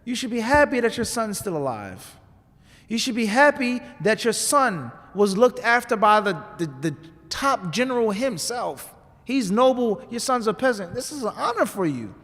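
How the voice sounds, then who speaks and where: A peasant neighbor woman, as a man acts her out, reassuring and reasoning in a sermon story. The voice is high. A long hall reverb trails each phrase. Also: very animated, moderate pace, fairly bright tone, exaggerated voice. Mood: consoling. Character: puzzled woman neighbor, consoling friend.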